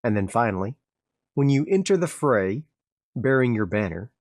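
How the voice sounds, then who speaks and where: A man's voice: mid-range voice, big pitch swings, moderate pace, darkish tone, no room sound, studio quality. Man narrating a solo tabletop game. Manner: explains dice rolls step by step. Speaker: game master and solo player.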